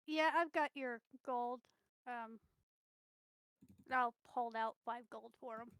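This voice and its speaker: A woman's voice: a little high, slow pace, a bit bright, smooth, no echo, rough recording. A woman playing a tabletop game, chatting in a matter-of-fact, wry way. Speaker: player. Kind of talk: casual chat at a tabletop game.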